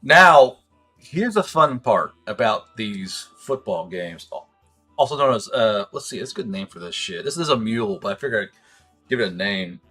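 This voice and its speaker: A man's voice: lowish voice, animated, normal speed, pushed and bright, soft background music. A man running a tabletop game as game master, describing scenes in a rambling, profane way with many fillers.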